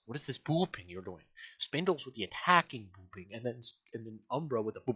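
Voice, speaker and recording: Rambling excitable male streamer. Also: mid-range voice, a little fast, breathy edge. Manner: rambling and excitable, many fillers and restarts. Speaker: streamer reacting to videos. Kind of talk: casual reaction commentary.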